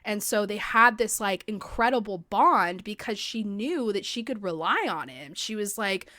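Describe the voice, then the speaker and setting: This young adult woman hosts a podcast, chatting loosely into a podcast mic, sprinkling in "like" constantly and swearing casually. Her mid-range voice is animated, bright and forceful at a moderate pace. The recording is dry with clean studio sound.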